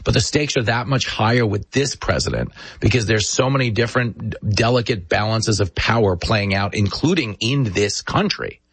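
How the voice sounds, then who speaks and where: Brief: emphatic male commentator, husky, dry close mic. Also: medium pitch, no room sound. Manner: emphatic, sarcastic, animated storyteller. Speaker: talk show host. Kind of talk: political commentary monologue.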